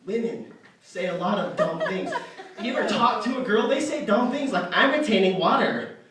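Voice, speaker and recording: A man's voice: high-pitched, expressive, normal speed, a crowd in the background. A young man telling a rambling, self-deprecating stand-up story on stage, full of fillers and restarts. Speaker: stand-up comedian. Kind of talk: stand-up comedy set. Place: arts center stage. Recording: echoey hall from far off.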